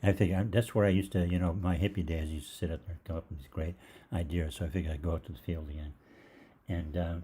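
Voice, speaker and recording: Deep-voiced older man telling a rambling story. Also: fairly even intonation, fast talker, mellow, breathy edge. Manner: rambling storyteller, many fillers. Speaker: holistic gastroenterologist. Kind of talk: live Q&A monologue.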